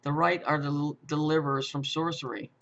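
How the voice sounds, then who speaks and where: A man's voice: on the high side, flat delivery, a little fast, fairly bright tone. A man delivering a rambling, profane monologue, repeating himself and stumbling over restarts while firing rhetorical questions. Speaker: conspiracy commentator. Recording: muffled lo-fi audio.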